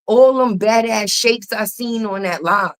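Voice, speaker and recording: A woman hosting a casual gossip commentary, talking in a sassy, emphatic and blunt way, with frequent drawn-out mm-hmms and plenty of profanity. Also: mid-range voice. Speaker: commentary channel host.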